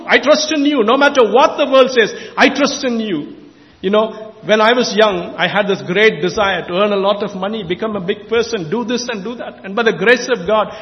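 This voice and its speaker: A man's voice: high voice, big-room sound, highs cut off. A man preaching an impassioned sermon in a church, repeating and exhorting his listeners. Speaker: lay preacher.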